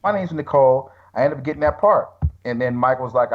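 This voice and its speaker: Fast-talking man with dull lo-fi audio. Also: mid-range voice. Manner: animated, slangy, acts out quotes. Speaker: guest, retired bodybuilder. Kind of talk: casual storytelling chat.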